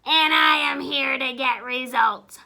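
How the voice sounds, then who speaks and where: A woman's voice: high-pitched, slow, creaky, bright, forceful tone, full character voice. A woman voicing a stern, bossy woman coach who barks short commands. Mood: stern, commanding. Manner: barking, commanding orders.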